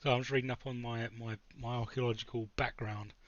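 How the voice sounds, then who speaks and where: A man's voice: mid-range voice, level tone, quick pace, highs cut off. A man playing a tabletop game who jokes and swears casually. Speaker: player.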